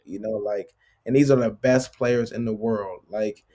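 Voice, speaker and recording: Speaking unhurriedly in a lowish voice, this basketball player in his late thirties spins casual stories as an interview guest. The retelling is animated and filler-heavy, with "like" and "bro" coming up nonstop.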